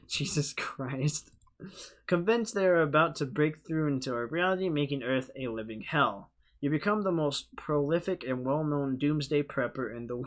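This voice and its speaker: A young man with a fairly high, slightly bright voice hosts a gaming channel video. He reads the game's text aloud loosely and jokingly, adding offhand asides.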